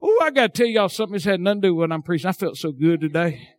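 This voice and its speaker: A man with a Southern hillbilly drawl preaching a sermon, swinging between shouted passages and quiet, folksy talk. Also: high voice, expressive, racing, no room sound, studio quality.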